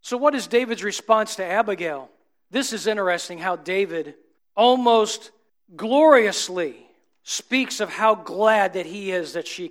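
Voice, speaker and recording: A man preaching a sermon, asking the congregation rhetorical questions and swinging between emphatic peaks and low, soft drops.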